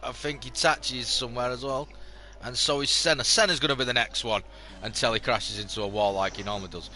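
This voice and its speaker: A man's voice: medium pitch, quick pace, bright, forceful tone. A man giving live casual race commentary, teasing and swearing in banter.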